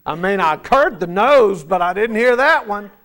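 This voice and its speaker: A man preaching a sermon, asking the congregation rhetorical questions and dropping from emphatic lines to soft asides. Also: high voice, animated, moderate pace. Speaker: pastor.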